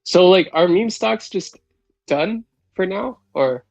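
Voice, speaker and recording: A man hosting a casual live stock chat, with a nasal voice, laughing often and asking quick questions. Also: sits high, lively intonation, creaky, darkish tone, no room sound, muffled recording, faint music behind. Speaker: host.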